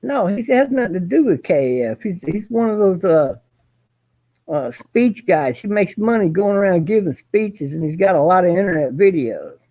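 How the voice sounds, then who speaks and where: A man's voice: high voice, sing-song, moderate pace, dark tone, dry recording. A man hosting a casual chat, rambling and swearing, with many fillers and restarts. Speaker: host.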